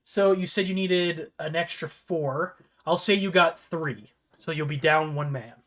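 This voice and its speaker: A man running a tabletop game, narrating in a relaxed, rambling way. His voice sits slightly high. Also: a little slow. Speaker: game master.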